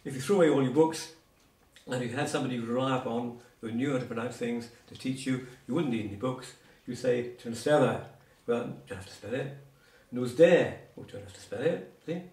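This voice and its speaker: A man's voice: medium pitch, fairly quick, darkish tone. Man explaining words from a distance. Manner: digressive, explains patiently with asides and examples. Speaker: Cornish language teacher. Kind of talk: informal one-on-one language lesson. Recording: roomy sound from a distance.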